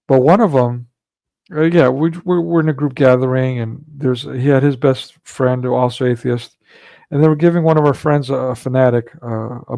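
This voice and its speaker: A man's voice: medium pitch, gravelly, warm tone, dry recording. A man hosting a livestream, telling a long rambling story in casual chat with frequent restarts and fillers. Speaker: livestream host.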